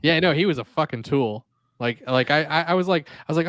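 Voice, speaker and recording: A man's voice: mid-range voice, fairly bright tone, no echo. Man trading profane podcast banter. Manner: profane, rambling, quick asides. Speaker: podcast co-host. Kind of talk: casual banter.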